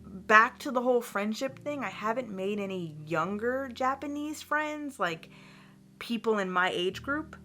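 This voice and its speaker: Bright-voiced young woman vlogging. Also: a little high, animated, a little slow, soft background music. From United States. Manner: candid, chatty, ranting, many fillers. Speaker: vlogger, teacher in Japan. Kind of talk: casual vlog update.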